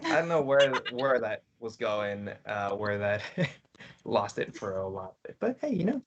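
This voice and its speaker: A man's voice: fairly low pitch, sing-song, unhurried. A man co-hosting a livestream, playful and casual, heard through a dull lo-fi mic. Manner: playful, sings goofy parodies. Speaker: livestream co-host.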